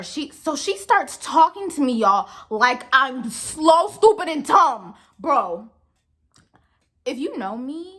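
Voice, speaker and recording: A young woman tells a work story straight to camera in a casual storytime. Her voice sits fairly high and bright, and it swoops animatedly as she vents in exasperation and fires off rhetorical questions. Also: sing-song, slow. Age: young adult. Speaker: vlogger telling a work story.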